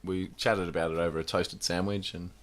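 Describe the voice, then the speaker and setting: A man's voice: deep voice, flat delivery, brisk. A man co-hosting breakfast radio in a studio, dropping in brief, easygoing asides. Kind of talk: casual breakfast radio chat.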